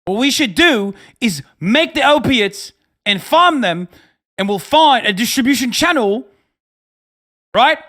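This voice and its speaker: A man's voice: very high-pitched, animated, measured pace, sharp tone, voice pushed up, full character voice. A man voicing a boastful young male Taliban hustler who brags about getting rich.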